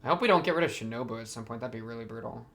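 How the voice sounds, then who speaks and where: A man hosting an anime reaction video, talking back to the screen and swinging from quiet muttering to excited outbursts. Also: mid-range voice, rapid-fire, vocal fry. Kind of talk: casual anime reaction commentary.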